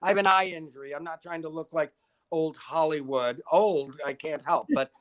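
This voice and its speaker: Guy on a video call, wry self-mocking jokes, voice sits a bit high. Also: normal speed, fairly bright tone. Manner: self-deprecating, dry joking. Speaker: arts reporter and columnist, guest. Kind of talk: casual interview chat.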